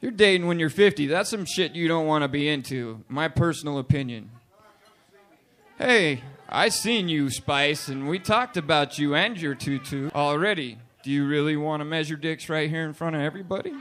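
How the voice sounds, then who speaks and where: A man's voice: a little high, normal speed. A man in his late twenties doing a profane, punchy stand-up comedy set in a bar. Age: 20s. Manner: profane, loud, punchy delivery with put-on voices. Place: bar stage with live audience.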